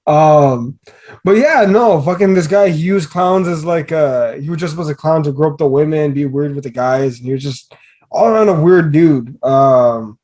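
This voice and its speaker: A man co-hosting a podcast, rambling loosely through his points with the odd swear word. His voice is a touch higher than most men's. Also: normal speed, darkish tone. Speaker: podcast co-host. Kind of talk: casual podcast chat.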